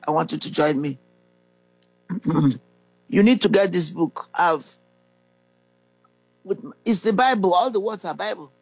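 A preacher reading scripture and leading a listener through a prayer of salvation, pausing often with fillers and clearing the throat. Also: medium pitch, no room sound, poor audio. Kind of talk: slow devotional teaching and guided prayer.

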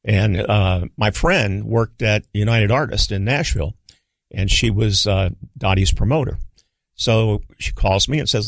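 An older man, a guest on a radio talk show, telling stories in a relaxed, rambling way with fillers and restarts. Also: fairly low pitch, normal speed, vocal fry, no room sound. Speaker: guest, radio executive and author. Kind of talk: relaxed storytelling. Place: studio.

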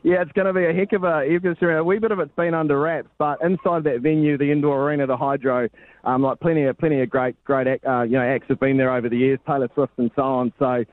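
A man calling in from abroad as a sports reporter, chatting casually and rambling a bit, with a deadpan touch. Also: mid-range voice, fast talker. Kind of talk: casual phone-in chat. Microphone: phone. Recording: lo-fi phone line.

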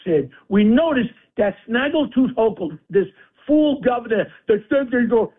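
A man's voice: extremely high pitch, animated, measured pace, breathy edge. Blustering New man on a phone line. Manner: combative, insulting, blustering. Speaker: guest on talk radio. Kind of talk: angry political rant.

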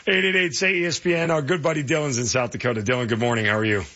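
Man hosting sports radio, quick and bright, a bit husky, muffled broadcast sound. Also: mid-range voice, steady tone. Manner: brisk, takes calls. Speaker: sports radio host taking calls.

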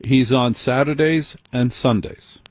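A man's voice: mid-range voice, a little slow, no echo. A man hosting a late-night call-in radio show, teasing his callers bluntly.

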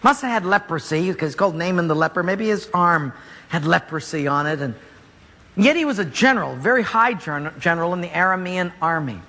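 Animated pastor in an echoing hall. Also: male voice, high-pitched, a little fast. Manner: animated storytelling with jokes. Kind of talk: sermon.

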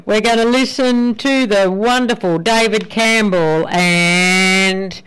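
Clear-voiced male radio presenter telling jokes. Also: high-pitched, slow, hardly any pauses, fairly bright tone, low-quality recording. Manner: playful storytelling. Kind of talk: telling jokes between songs.

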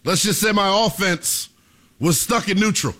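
A young man hosting sports talk radio, delivering a theatrical monologue that he keeps addressing to the listeners as ladies and gentlemen. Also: high-pitched, moderate pace.

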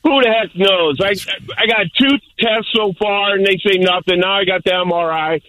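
Older guy calling in, loud rambling stories, bright high voice. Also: normal speed, low-quality recording. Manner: rambling, boisterous storyteller. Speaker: caller. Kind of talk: call-in radio chat.

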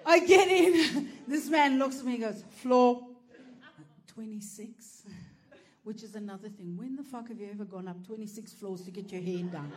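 A woman's voice: mid-range voice, expressive, a little fast, few pauses, a little hiss or hum. A woman doing stand-up, telling a story animatedly, swearing and laughing through it. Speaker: stand-up comedian.

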